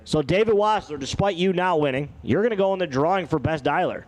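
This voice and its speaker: A man's voice: a little high, fast talker, a little mellow, a little hiss or hum. A man calling drag races in a playful, joking way, with sing-song calls of the results. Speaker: drag race announcer. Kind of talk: race commentary.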